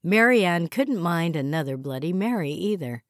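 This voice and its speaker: A woman narrating an audiobook in a measured, even way. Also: deep voice, no room sound, clean studio sound. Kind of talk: scripted narration.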